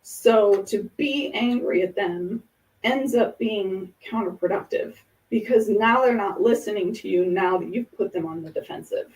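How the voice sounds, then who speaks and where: A woman's voice: medium pitch, unhurried, darkish tone, far from the mic, poor audio. A woman hosting a casual podcast, talking through ideas in an earnest, explanatory way with examples. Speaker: podcast host.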